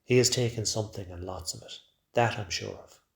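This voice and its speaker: A man narrating a first-person story in a quiet, measured way. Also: on the low side, gravelly. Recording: roomy echo.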